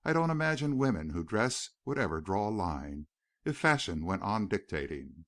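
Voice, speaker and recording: A poised, sharp-tongued young woman from the East, as a male narrator reads her, answering blunt and quick. His low voice moves through a lively range. The audiobook sound is dry and close. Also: dry recording.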